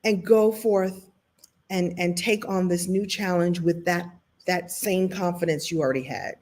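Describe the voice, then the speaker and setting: A woman from Brooklyn hosting a motivational talk, telling a personal story in an animated, self-deprecating way. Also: on the low side, a little slow. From Brooklyn, New York. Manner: animated, self-deprecating, shifting pace and loudness. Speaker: host and motivational speaker.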